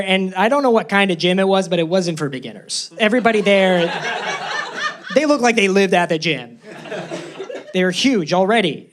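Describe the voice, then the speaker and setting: A young male comic with a high voice works a club stage, nervous and self-deprecating. His punchlines climb into squeaky yelps. A live crowd laughs loudly around him. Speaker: stand-up comedian. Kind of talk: stand-up comedy set. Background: audience laughter.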